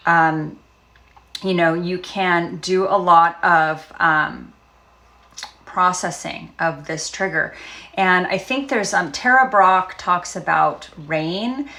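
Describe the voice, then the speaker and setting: Low gravelly voice, a woman coaching gently. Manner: gentle, coaching, with many fillers and pauses. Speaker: trauma recovery coach. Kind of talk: casual self-help talk.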